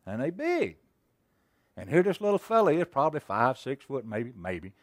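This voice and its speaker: A man's voice: mid-range voice, wildly swooping pitch, moderate pace, dry recording. Folksy preacher man, dry sound. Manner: folksy storytelling preacher, rhetorical questions, swings between loud and hushed. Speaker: pastor. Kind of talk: sermon.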